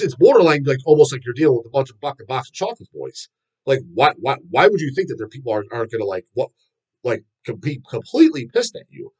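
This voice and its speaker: Casual host type: a husky-voiced man who swears freely and rambles, with an animated, rising and falling delivery. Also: mid-range voice, rough recording. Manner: profane, rambling storyteller with frequent fillers. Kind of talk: casual rant about metal.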